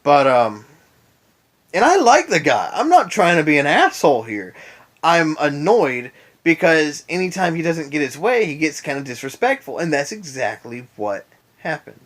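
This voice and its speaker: A man's voice: fairly high pitch, sing-song, moderate pace, fairly bright tone. A tired young man in bed, venting about an old boss in a casual vlog rant with sarcastic asides. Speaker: vlogger. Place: in bed at home.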